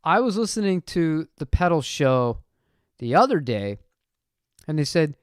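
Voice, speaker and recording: Chatty man with a smooth, dry voice. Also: fairly high pitch, very animated, measured pace, long pauses, no echo. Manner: rambling, chatty, reads chat aloud. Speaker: channel host. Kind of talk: casual live-stream chat.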